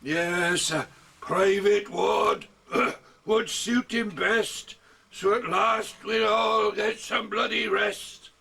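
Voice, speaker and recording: An older man recites his own comic verse at home, slow and wry, with little asides. His voice is gravelly and husky. He sits some way off from the mic. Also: sits high, steady tone, bright, forceful tone, distant mic. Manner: wry storytelling delivery with chuckles and asides. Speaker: amateur poet.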